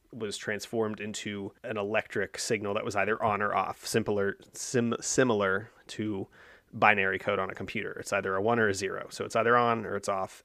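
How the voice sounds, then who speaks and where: A man's voice: on the low side, fairly bright tone, no echo. A man co-hosting a casual history podcast, explaining at length and thinking aloud with fillers and restarts. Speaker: podcast co-host.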